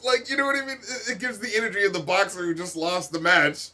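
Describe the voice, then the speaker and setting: A man's voice: high voice, steady tone, fast talker, few pauses, bright, forceful tone. A man reviewing an album in casual commentary, ranting with lots of swearing and fillers. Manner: profane, exasperated ranting; heavy filler talk. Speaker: music critic.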